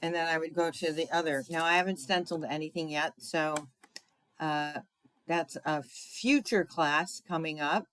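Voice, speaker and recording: A woman's voice: low voice, normal speed, fairly bright tone, rough recording. A woman giving a casual live craft demonstration, chatty and thinking aloud, talking to her viewers with fillers and asides.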